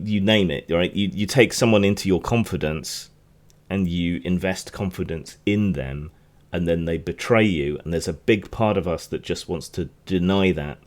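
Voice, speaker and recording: A man with a notably deep voice hosts a news podcast. He talks in a loose, rambling way, often restarting his sentences and drifting into side remarks. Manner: rambling, chatty, frequent restarts and asides. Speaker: podcast host. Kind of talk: casual news commentary.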